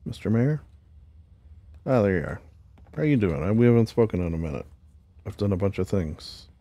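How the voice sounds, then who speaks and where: A man's voice: fairly low pitch, big pitch swings, normal speed, warm tone. A man hosting a gaming channel, chatting casually and jokingly as he plays a role-play game. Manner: rambling, jokey, talks to himself.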